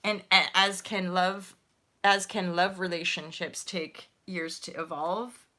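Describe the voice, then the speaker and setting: Woman tarot host, bright tone, gushing and chatty with live viewers, swears casually. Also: fairly low pitch, little pitch movement, slow. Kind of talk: live-stream tarot reading.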